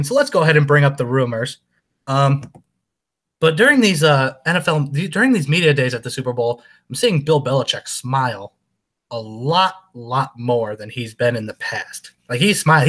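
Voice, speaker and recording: A man co-hosting a casual sports chat, animated and joking as he talks football. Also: medium pitch. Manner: animated, joking, quick to laugh. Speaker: sports podcast co-host.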